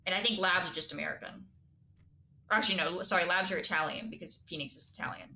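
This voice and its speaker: A woman's voice: lowish voice, quick pace, sharp tone. A woman streaming a game live, chatting casually with her viewers and giggling often. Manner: chatty, giggly, answers chat.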